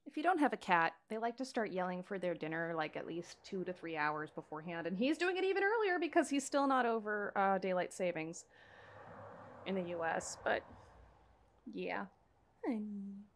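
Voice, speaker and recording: A woman's voice: mid-range voice, big pitch swings, fairly quick. A young woman from the United States chatting and giggling casually as a let's play host. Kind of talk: casual gameplay commentary.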